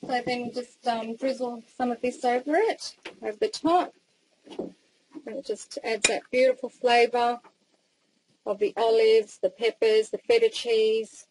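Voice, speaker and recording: A woman with an Australian accent describing a barbecue dish in a relaxed, descriptive way. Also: a little high, measured pace, husky, low-quality recording. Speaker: cooking demonstrator. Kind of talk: casual cooking demonstration.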